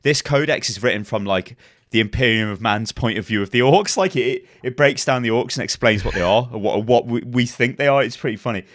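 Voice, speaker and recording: A man's voice: medium pitch, fairly quick, a bit bright, dry recording, clean studio sound. A man co-hosting a casual gaming podcast, talking animatedly and laughing often. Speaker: podcast co-host.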